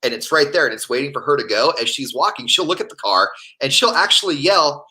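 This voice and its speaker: A man's voice: mid-range voice, lively intonation, fast, hardly any pauses, bright, forceful tone, rough recording. A man co-hosting a casual chat show, telling stories in a rambling, laughing way. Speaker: co-host.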